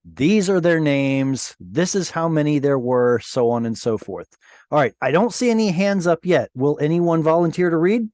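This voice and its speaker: A man teaching a Hebrew class over a video call, explaining patiently and sounding out Hebrew words slowly. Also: a little high, lively intonation, a little mellow, no room sound.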